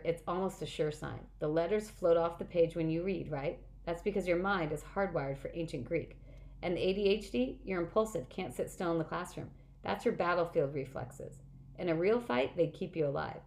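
A clever teenage girl explains things earnestly and patiently, sure of what she knows, voiced by a woman reading aloud. Her voice sits low and calm. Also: vocal fry.

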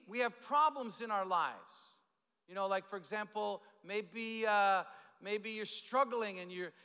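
A man preaching a conversational sermon, halting often, repeating words and adding asides. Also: high-pitched, sharp tone, clean tone. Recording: echoey hall.

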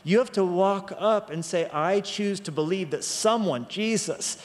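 Emphatic pastor preaching in a reverberant hall. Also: male voice, high voice. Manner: emphatic, slows down on key phrases. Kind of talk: sermon.

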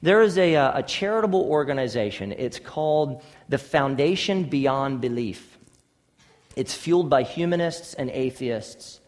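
High-voiced preaching man in a reverberant hall. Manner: emphatic preaching with repeated phrases and rhetorical questions. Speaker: pastor. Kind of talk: sermon.

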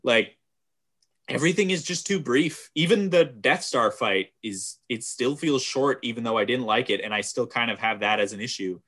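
Guy chatting about movies, medium pitch, gets loud and squeaky when he acts scenes out. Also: moderate pace. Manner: animated, recaps scenes with loud high-pitched exclamations and laughter. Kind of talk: casual chat.

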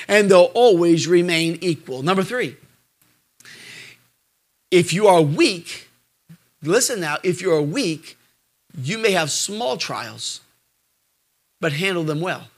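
A middle-aged male pastor preaching a sermon, surging loud and then dropping low, acting out quoted voices along the way. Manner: acts out quoted voices in asides.

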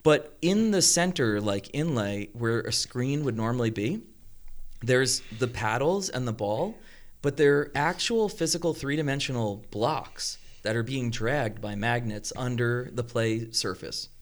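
A man's voice: mid-range voice, unhurried. A man chatting casually on a podcast, telling a long story and acting out the people in it. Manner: animated storyteller who acts out quoted voices. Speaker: podcast co-host. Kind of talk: casual chat.

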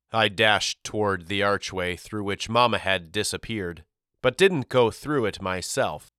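A man narrating a novel as an audiobook, reading steadily with clear articulation on a close studio microphone. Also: fairly low pitch, a little slow, pushed and bright, no echo. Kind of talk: scripted storybook narration.

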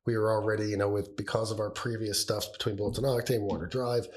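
A man co-hosting a podcast in casual chat, rambling and halting as he talks, with a cough that keeps breaking in. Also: lowish voice, little pitch movement, a little mellow, a little hiss or hum. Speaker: podcast co-host.

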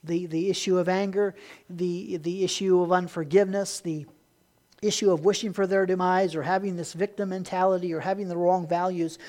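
An earnest man preaching a sermon to his congregation. He pushes some points hard and lets others fall soft and low. Now and then he stumbles and repeats a word before going on. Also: steady tone, fairly quick. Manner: earnest preaching, swings from emphatic to quiet; repeats words when restarting. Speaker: pastor.

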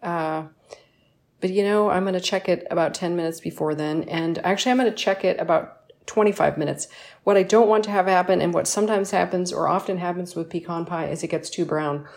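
A woman's voice: lowish voice, brisk, darkish tone. A woman hosting a casual home baking vlog in her kitchen, chatty and enthusiastic, with lots of ums and appreciative mms. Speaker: baking show host.

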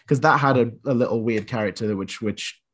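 Man, podcast co-host, casual film chat, enthusiastic, rambling, mid-pitched voice. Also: brisk, fairly bright tone.

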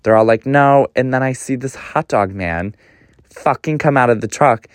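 At a moderate pace, a young man hosting a podcast spins a gossipy, animated story, cursing plenty and frequently leaping up in pitch. The sound is dry.

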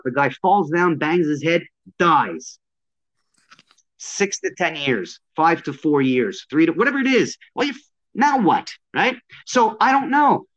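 A man's voice: high voice, a bit bright. Man, self-defense instructor, casual talk, blunt, emphatic, swears a lot, dull lo-fi sound. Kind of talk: casual podcast conversation.

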